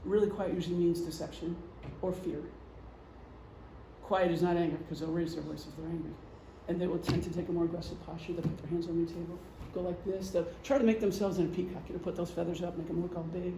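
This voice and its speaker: Middle-aged woman presenter, warm dark tone, joking and chatty, recorded in an echoey room. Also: fairly low pitch, fairly even intonation, quick pace, slight background noise. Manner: chatty, joking, acts out gestures. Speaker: presenter, retired police officer and veteran. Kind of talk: casual lecture.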